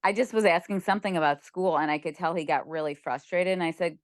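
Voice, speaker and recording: Chatty young woman, smooth low voice. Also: quick pace, hardly any pauses, no room sound, clean studio sound. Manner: chatty, many "like" fillers, laughs easily. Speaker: group member sharing. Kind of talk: casual chat on a video call. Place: lying on a bed at home. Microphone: video call.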